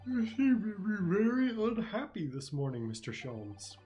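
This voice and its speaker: A man's voice: sits high, big pitch swings, unhurried, warm tone, voice pushed up. Brief: man doing a bubbly young girl, chirpy raised voice, faint music behind. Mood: concerned.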